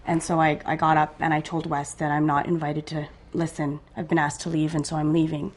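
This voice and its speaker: A woman from Canada, a parent guest, telling her story in measured detail in conversation. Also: sits low, little pitch movement.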